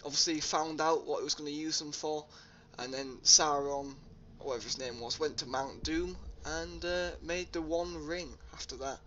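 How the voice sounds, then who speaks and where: A man's voice: fairly high pitch, normal speed, hardly any pauses, sharp tone, dull audio, a little hiss or hum. A young man casually commenting on his gameplay, rambling with lots of ums and uhs. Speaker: let's play host. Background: game music.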